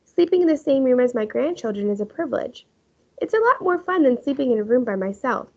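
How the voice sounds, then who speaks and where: A woman voicing a kindly, patient old grandmother with a gentle, good-humored manner. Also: high-pitched, sing-song, a little fast, breathy edge, heavily acted. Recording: muffled lo-fi recording.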